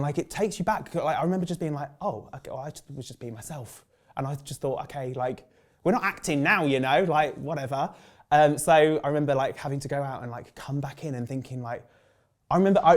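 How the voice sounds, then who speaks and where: A man in his thirties from England with a Birmingham accent, a drag performer telling lively stories in an interview, acting out other people's voices and filling his talk with "like". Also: fairly high pitch. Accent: Birmingham English. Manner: animated, acts out quoted voices, many "like" fillers. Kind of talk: casual storytelling interview.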